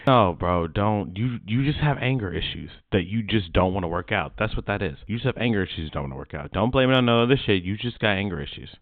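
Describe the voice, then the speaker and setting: A man's voice: lowish voice, expressive, fast, hardly any pauses, dry recording. A man giving casual, profane reaction commentary, often muttering and laughing in asides. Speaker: reaction streamer. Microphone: desk mic he keeps moving. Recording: tinny phone-like dry sound.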